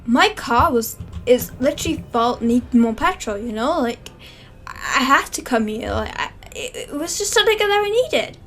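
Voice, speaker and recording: A woman's voice: high-pitched, lively intonation, normal speed, few pauses, faint music behind. A woman voicing a frightened young woman who defends herself and begs for shelter. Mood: pleading. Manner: pleading, defensive, loud.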